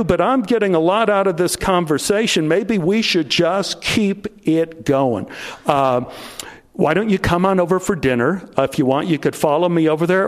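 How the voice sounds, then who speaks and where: A middle-aged man tells an audience a story about himself, his voice dropping low and slow whenever things turn tense.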